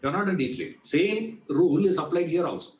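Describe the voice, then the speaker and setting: A man's voice: on the high side, expressive, a little fast, a little mellow, echoey room, a little hiss or hum, low-quality recording. A man teaching a Vedanta class in a chatty way, asking rhetorical questions and answering them. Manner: conversational, repeats "you know", asks rhetorical questions and answers them. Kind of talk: spoken class lecture.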